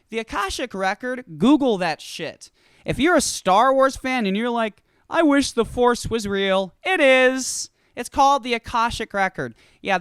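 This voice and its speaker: A show host delivering a rambling, profane, animated stoned comedy rant. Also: mid-range voice, smooth, no room sound, studio quality. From California.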